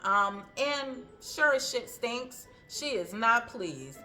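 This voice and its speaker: A woman's voice: a little high, expressive, slow pace, pushed and bright, soft background music. A woman hosting a casual movie recap, chatty, with frequent ums, laughs and asides.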